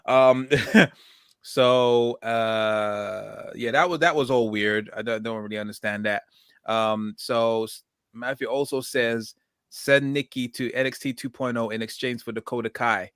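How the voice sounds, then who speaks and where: A man hosting a casual chat with an ordinary, mid-pitched voice. He rambles and hesitates, stumbling and restarting his sentences. The recording is dry and close to the mic. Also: steady tone, unhurried, a bit bright, smooth, no room sound. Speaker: podcast host.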